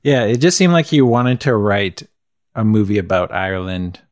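A man's voice: fairly low pitch, lively intonation, moderate pace, no room sound, studio quality. Laid-back rambling male podcaster. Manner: laid-back, rambling, chuckles at his own jokes. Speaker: podcast co-host. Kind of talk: casual film review chat.

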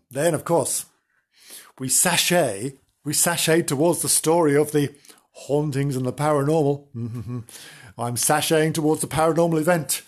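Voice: mid-range voice, slightly rough. A podcast host telling a ghost story in a theatrical, gasping way, often repeating words and breaking off mid-sentence. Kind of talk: casual ghost-story narration.

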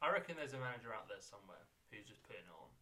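A man co-hosting a comedy podcast with a bright, crisp voice. His tone stays casual and playful as he steers the chat along. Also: fairly low pitch, big pitch swings, very fast. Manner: playful, leads the segments, riffs with mock accents. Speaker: podcast co-host.

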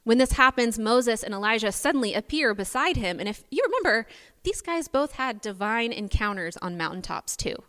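A woman preacher giving a sermon, telling the story in an animated, playful way. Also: on the high side, normal speed. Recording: long hall reverb.

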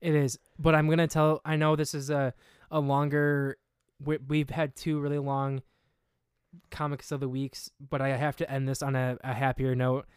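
Man co-host, smooth clear voice, dry close sound, rambly animated storytelling. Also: mid-range voice, normal speed, no room sound. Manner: animated storytelling with many fillers and restarts. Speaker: podcast co-host. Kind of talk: casual chat.

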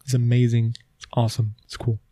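A man's voice: medium pitch, monotone, a little fast, dark tone. Chatty rambling man hosting a podcast. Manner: rambling, chatty, self-deprecating. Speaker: podcast host. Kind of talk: casual solo podcast talk.

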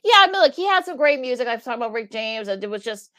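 A woman's voice: a little high, big pitch swings, very fast, a bit bright. A woman co-hosting a sports radio show, conversational and loose, leaning on fillers like "you know" and "look". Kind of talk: casual radio sports talk.

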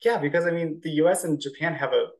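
A man's voice: a little high, quick pace, low-quality recording. A young man co-hosting a podcast, chatting casually and explaining with jokey everyday comparisons. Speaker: podcast co-host. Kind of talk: casual chat.

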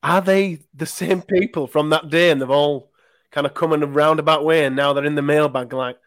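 A man's voice: a little high, steady tone, fairly quick, dry recording, studio quality. A man from Leeds, co-hosting a podcast and chatting casually, telling anecdotes and acting out what people said. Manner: chatty anecdotal storyteller, acts out quotes. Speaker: podcast co-host. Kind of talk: casual chat.

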